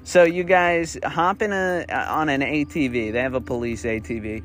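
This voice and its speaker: A man's voice: medium pitch, normal speed, fairly bright tone, faint music behind. A young man improvising a second-person story, rambling with restarts and the odd swear word.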